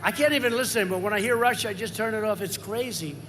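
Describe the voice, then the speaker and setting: High-pitched rambling older man at a rally. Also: fast, slight background noise. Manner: repetitive, rambling, swings to loud emphasis. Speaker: politician at a rally. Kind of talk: campaign rally speech. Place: large campaign rally.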